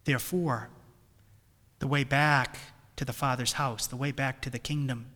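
A man's voice: medium pitch, steady tone, normal speed, sharp tone, long reverb tail. A man with a New England accent preaching a retreat sermon, swelling emphatically on key phrases. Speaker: priest leading a retreat.

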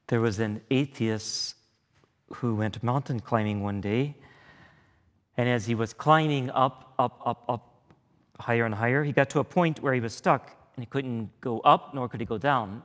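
Male priest, retreat talk, middle pitch, deliberate and earnest, long hall echo. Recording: echoey hall.

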